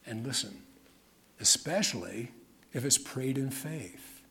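A man's voice: mid-range voice, lively intonation, slow pace, vocal fry, pushed and bright, slightly rough. A man preaching a sermon in an earnest way, often dropping to a near-whisper on key phrases. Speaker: pastor.

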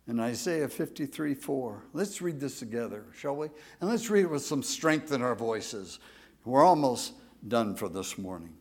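A pastor preaching an emotional sermon to his congregation, moving between hushed, tender moments and emphatic, raised declarations and drawing the crowd in with questions. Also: mid-range voice, animated, moderate pace. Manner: asks the congregation for a show of hands.

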